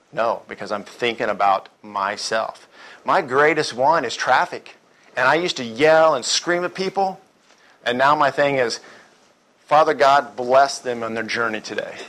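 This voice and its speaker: A man's voice: medium pitch, fairly bright tone. Middle-aged male preacher, folksy storyteller who slips into other people's voices to act out his anecdotes. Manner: storytelling, mimics voices, rhetorical questions. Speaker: church speaker. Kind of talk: conversational sermon with acted-out stories.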